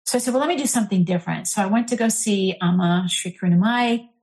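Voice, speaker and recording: A middle-aged woman, an interfaith minister, telling a candid personal story in an earnest, animated way, full of fillers. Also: medium pitch, fast.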